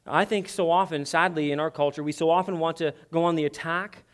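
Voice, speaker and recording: Guy w a high voice giving a sermon, earnest and chatty, keeps restarting words. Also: fairly even intonation, fairly quick. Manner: earnest, conversational preaching with repeated restarts. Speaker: pastor.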